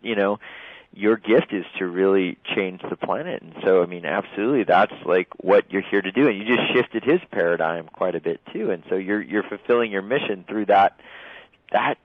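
A man with a low voice hosts a group call in a relaxed, reflective way. His sound is dry and narrow, like a phone line. He pauses often and restarts his sentences. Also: dry recording. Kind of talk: hosting a group video call. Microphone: video call.

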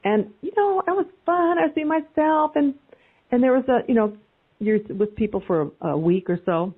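A woman on a group video call giving an animated, emphatic motivational talk as a coach, repeating phrases for emphasis. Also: on the high side, moderate pace, slightly rough. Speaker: guest speaker, life coach. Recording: phone-like call audio.

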